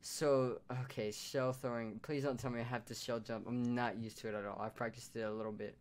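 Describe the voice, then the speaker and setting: A man giving casual commentary over his own gameplay, with hiccups, swinging between loud surprised outbursts and low muttering. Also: fairly quick. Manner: excitable, shouts in surprise then mutters low. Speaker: gaming YouTuber.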